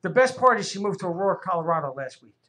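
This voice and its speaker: A man co-hosting a talk radio show, telling a crude, rambling story in a profane, animated way. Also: high voice, racing. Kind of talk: casual chat, crude storytelling.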